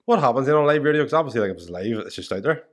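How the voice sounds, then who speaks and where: Quick-talking podcast host. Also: male voice, medium pitch, animated. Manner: brief interjections, quick questions. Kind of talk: casual interview.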